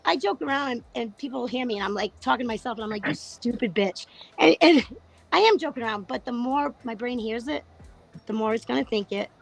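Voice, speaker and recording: A middle-aged woman with a hoarse voice, candidly chatting about trading on a panel, laughing and swearing casually. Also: on the high side, fast, faint music behind, poor audio. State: lost her voice, tired.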